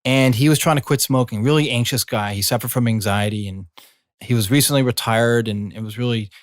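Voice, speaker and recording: A middle-aged man, a coach and former healer, speaking in a slow, soothing reflective monologue. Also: medium pitch, no echo, studio quality. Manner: slow, soothing, drawn-out phrasing. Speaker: coach and former healing practitioner.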